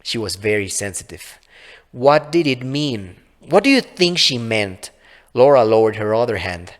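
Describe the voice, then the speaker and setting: Male author-reader, measured storybook narration, hall reverb on the track. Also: medium pitch, very animated. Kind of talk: reading a short story aloud. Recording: long reverb.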